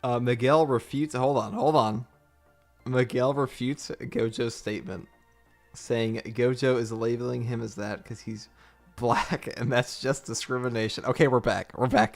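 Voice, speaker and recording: A young streamer with a gravelly, fry-heavy voice, reacting in loose, casual talk. He swears freely, laughs through his lines and keeps restarting his sentences in slangy disbelief. Faint music plays underneath him. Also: mid-range voice, fairly even intonation, measured pace. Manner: incredulous, laughs often, swears a lot.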